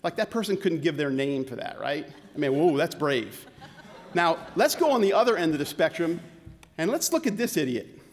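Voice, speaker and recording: A man's voice: on the high side, animated, normal speed. Sarcastic male keynote speaker in a hall. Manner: sarcastic, punchy comic delivery. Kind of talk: comedic keynote talk. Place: conference hall. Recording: long hall reverb.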